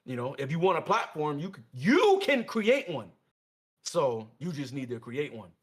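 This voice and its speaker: A man co-hosts a stream in a high voice that swings up and down. He hypes up his friend with a lot of swearing and casual encouragement. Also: wildly swooping pitch, normal speed. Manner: encouraging, profane, hypey. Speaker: co-host.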